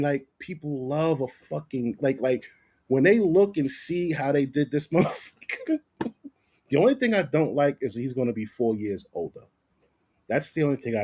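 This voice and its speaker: Husky man, lively sports vlog rant, swears a lot, circles back on phrases. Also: medium pitch. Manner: animated, profane, repeats himself. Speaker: sports commentator vlogger. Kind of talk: casual ranting commentary.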